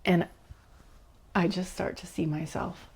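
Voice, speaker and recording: A woman guest recounting a personal experience in an interview, animated and giggly, acting out quotes and dropping to a whisper at tense moments. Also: fairly low pitch, unhurried, vocal fry, breathy edge. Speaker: leadership coach, guest. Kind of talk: personal storytelling in a podcast interview.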